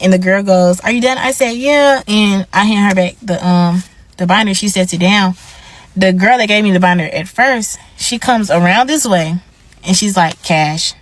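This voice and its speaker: A young woman telling a storytime rant, acting out what people said. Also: mid-range voice. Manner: animated, acts out dialogue. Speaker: vlogger.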